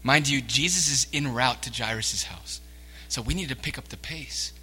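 A man preaching a sermon as pastor, swinging between hushed words and emphatic lines. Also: medium pitch, normal speed, slightly rough. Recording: long reverb of a church hall.

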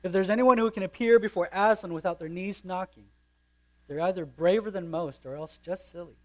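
Man reading as a motherly storybook beaver, folksy, matter-of-fact, high-pitched. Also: fairly quick, a little mellow, close to an everyday voice. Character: homely motherly female beaver.

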